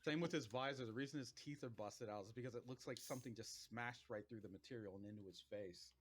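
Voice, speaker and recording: Running a tabletop session as game master, this man talks quickly in a mid-range voice. He's laid-back and meandering, with plenty of filler words.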